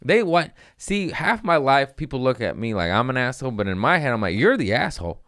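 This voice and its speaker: On a casual comedy podcast, a man reads listener messages and swears freely, switching into goofy voices to act out the people in his stories. His medium-pitched voice is fairly quick and fairly bright, with lively intonation and a clear, resonant tone. The studio sound is clean, with no room echo.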